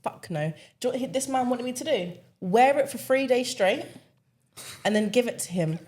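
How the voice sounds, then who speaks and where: A woman's voice: on the high side, fairly quick, darkish tone. A young woman, telling a story to her podcast co-hosts in casual chat, acting out the voices in it and laughing often. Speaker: podcast guest.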